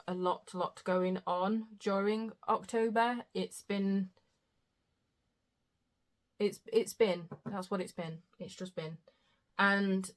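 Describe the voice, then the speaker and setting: A young woman, talking at an ordinary middle pitch. She chats casually about her reading, often losing her thread and starting again. She laughs at her own stumbles. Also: fairly bright tone. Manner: chatty, trails off and restarts, self-mocking. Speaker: book vlogger. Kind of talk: casual chat.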